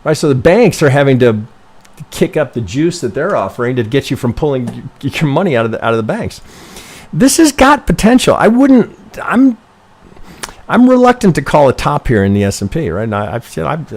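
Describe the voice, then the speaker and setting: This trading educator's mid-range voice is sing-song and somewhat dark, moving at normal speed as he works through member charts on a live stream. He rambles and curses, thinks aloud, corrects himself constantly and checks in with "right?" over and over.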